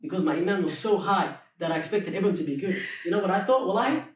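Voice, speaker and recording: High-voiced young man in a roomy echo. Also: rapid-fire. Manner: animated, acts out quoted dialogue, laughs through punchlines; peppers speech with religious expressions. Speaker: podcast guest. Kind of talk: casual storytelling chat. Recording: roomy echo, mic at a distance.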